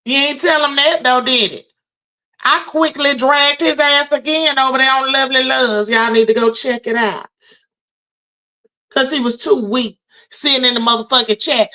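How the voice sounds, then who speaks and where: A woman's voice: high-pitched, steady tone, normal speed, pushed and bright, rough recording. Brash, profane woman ranting on stream. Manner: brash, profane, mocking call-outs. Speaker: livestream host. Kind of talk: ranting live stream commentary.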